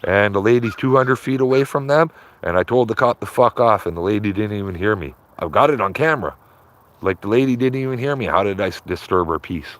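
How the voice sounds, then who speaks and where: A man's voice: on the low side, lively intonation, a little fast. A man chatting casually to his livestream viewers from outdoors by a river, rambling and repeating himself, ending phrases with "man". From Canada. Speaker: livestreaming auditor.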